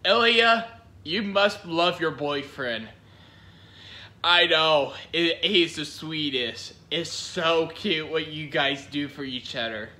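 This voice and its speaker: A man's voice: a little high, slow pace, bright, forceful tone. A man giving giggly, rambling reaction-video commentary, gushing over what he watches.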